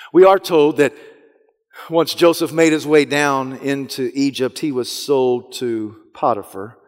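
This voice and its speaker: A male pastor with a medium-pitched voice preaches a sermon, retelling a story dramatically as he drops to a hush and then rises loud. The recording carries a long hall reverb.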